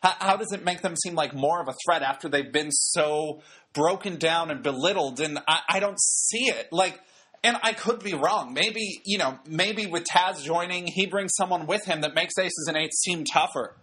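A man's voice: on the high side, normal speed, sharp tone, breathy edge. A man giving casual, wry commentary on a wrestling show, talking loosely with lots of fillers. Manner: chatty, wry, many fillers.

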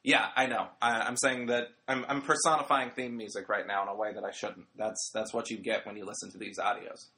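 A man's voice: on the low side, flat delivery, a little fast, few pauses, sharp tone. A man hosting an audio recap of a wrestling show, talking in a casual, rambling way with jokey asides. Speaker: wrestling podcast host.

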